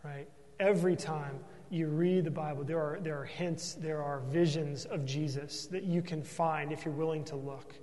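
A man's voice: fairly high pitch, steady tone, normal speed, dark tone, in a large hall. A man preaching a sermon as pastor, earnest and emphatic, often tossing in a questioning "right?" to the congregation.

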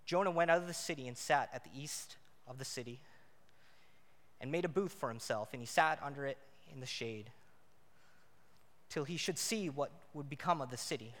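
A married man preaching a sermon, shifting between loud emphatic passages and quiet, intimate ones. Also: medium pitch, normal speed, long pauses. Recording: church hall reverb.

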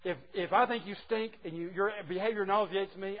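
A man preaching a sermon to a group of men, earnest and moving between hushed and emphatic delivery. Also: sits high, a little fast. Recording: muffled lo-fi recording.

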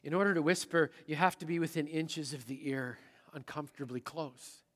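A middle-aged man preaching a sermon as pastor, swinging between loud emphasis and a near-whisper. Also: a little high, moderate pace. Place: church sanctuary. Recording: long hall reverb.

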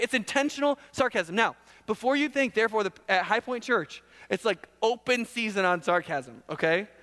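A man preaching a sermon as pastor, talking conversationally and often checking with the congregation with quick questions. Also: high voice, big-room sound. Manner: conversational, animated, asks the audience questions. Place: church hall.

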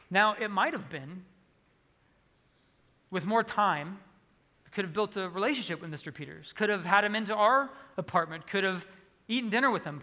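A pastor preaches a sermon, earnestly telling a personal story and acting out the dialogue. His voice is high-pitched and sharp, and the recording carries the long reverb of a large hall.

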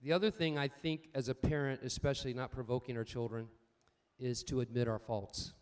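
An older man preaching a sermon, swinging between loud emphatic points and quiet personal stories, calling out for amens. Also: medium pitch, fairly even intonation, fairly quick, clean tone. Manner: asks the congregation for amens. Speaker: pastor.

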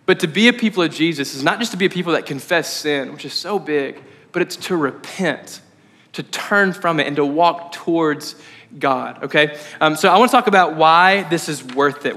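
Guy preaching in a church hall, high and bright, chatty, lots of "right?" asides, big reverb. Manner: conversational, animated, frequent "right?" asides. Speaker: pastor. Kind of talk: sermon.

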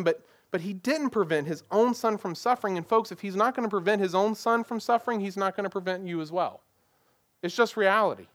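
High-voiced pastor preaching. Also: male voice, a bit bright. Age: adult parent. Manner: rhetorical questions, plain conversational preaching. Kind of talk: sermon.

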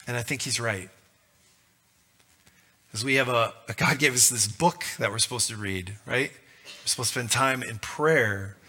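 A man's voice: mid-range voice, unhurried, pauses often, sharp tone. A male pastor giving a conversational, joking sermon.

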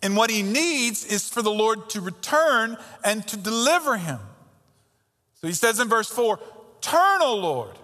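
Guy pastor giving a sermon, kinda high voice, punchy rhetorical questions, long echo in a big church. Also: lively intonation, unhurried, pushed and bright. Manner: emphatic and conversational, with rhetorical questions. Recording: long reverb of a large hall.

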